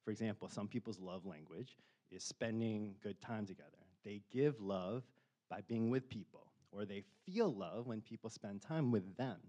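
A man's voice: lowish voice, normal speed, mellow, dull audio. A man in his forties preaching a casual sermon in a chatty, self-deprecating way, rising to impassioned questions at times. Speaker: pastor.

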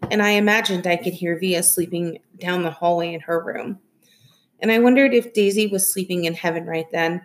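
Lady reading a novel out loud, soft and steady. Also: lowish voice. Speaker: reader.

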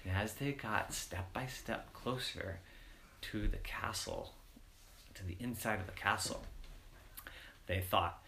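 A storyteller narrating a bedtime story in a playful, animated way. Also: medium pitch, slow pace, pauses often.

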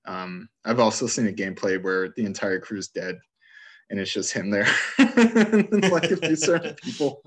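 A man's voice: on the low side, animated, normal speed, husky. A man chatting casually about a video game he loves, rambling through favorite scenes and laughing as he retells them.

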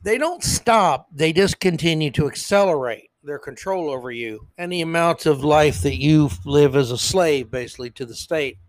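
Sarcastic ranting podcast guy, pretty high-pitched, trips over words, dead dry mic. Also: normal speed, few pauses, no echo. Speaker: podcast host. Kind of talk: ranting political commentary.

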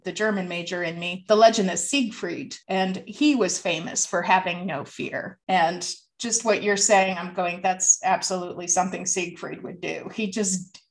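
A woman co-hosting a casual podcast, chatty and quick to laugh. Her voice sits at a middle pitch for a woman. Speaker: podcast co-host. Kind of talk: casual chat.

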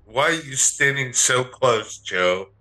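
A man playing a tabletop role-playing game, speaking in character with a deliberate delivery. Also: medium pitch, animated, pushed and bright, rough recording. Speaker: player. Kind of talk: in-character play.

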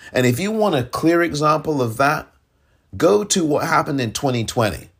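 Fiery, husky-voiced male podcast host. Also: medium pitch. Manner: fiery, exasperated, mocking others in put-on voices. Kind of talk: impassioned political commentary.

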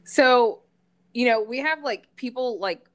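A woman's voice: on the high side, measured pace. A woman from the Pittsburgh area, co-hosting a podcast in casual chat and laughing often. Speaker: podcast co-host.

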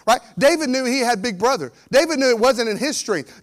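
Preaching with energy, this fortysomething pastor voices the story's characters and swings between loud and soft passages. He speaks in a high pitch at a brisk clip.

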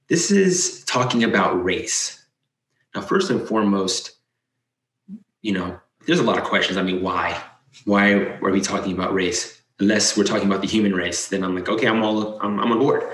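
A man's voice: sits low, fairly bright tone. A man giving casual commentary as he reads points aloud, with sarcastic, incredulous asides. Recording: echoey room.

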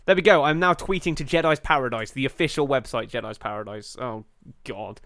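A man's voice: mid-range voice, brisk, fairly bright tone, dry recording. A man co-hosting a casual comedy podcast, riffing and laughing as he goes and swearing freely. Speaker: podcast co-host.

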